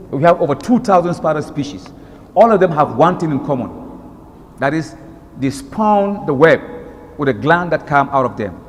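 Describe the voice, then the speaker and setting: A man giving a religious lecture as a preacher, animated and repeating words for emphasis. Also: high-pitched. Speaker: Islamic preacher. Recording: long hall reverb.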